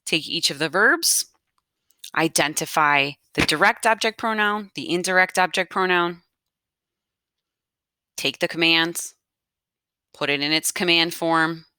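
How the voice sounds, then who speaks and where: Woman, teacher, low voice, crisp and bright, patient step-by-step explaining. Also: measured pace, pauses often, no room sound. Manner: patient, explains aloud while writing on notes. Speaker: Spanish teacher. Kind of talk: step-by-step grammar lesson.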